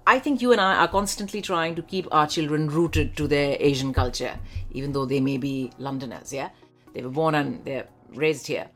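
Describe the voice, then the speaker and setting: Woman, indian accent, forties, lowish voice, chatty podcast host, faint music behind. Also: normal speed. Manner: lively, chatty, mixes in Hindi. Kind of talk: casual chat.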